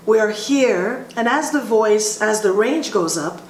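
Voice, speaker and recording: A woman voice teacher explaining vocal placement in a slow, halting way, often restarting her sentences. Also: mid-range voice, lively intonation. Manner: explains slowly with frequent restarts. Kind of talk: instructional talk with sung demonstrations. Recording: roomy echo with faint ambient noise.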